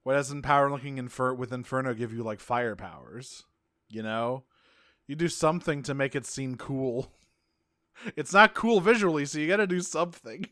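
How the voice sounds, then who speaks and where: Guy cohosting a podcast, smooth voice, dry close mic, swears a lot, laughs a lot. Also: medium pitch, normal speed, a bit bright, no echo. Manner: profane and laughing. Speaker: podcast co-host. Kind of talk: casual chat.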